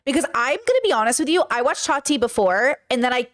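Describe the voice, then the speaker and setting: A woman's voice: high-pitched, animated, fast. A woman hosting a podcast, chatting in a rambling, casual way while reacting to a clip. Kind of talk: casual commentary.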